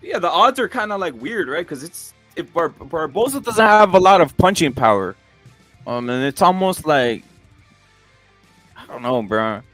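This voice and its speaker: A young man co-hosting a casual boxing podcast, talking loud and animated with crude banter and many restarts. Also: on the high side, normal speed, dry recording, soft background music. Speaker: podcast co-host.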